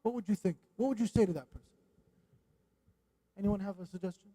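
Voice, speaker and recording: A man giving a religious lesson in a mosque, animated and questioning his audience, dropping Arabic religious phrases. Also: high-pitched, fairly quick. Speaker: religious teacher. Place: mosque hall.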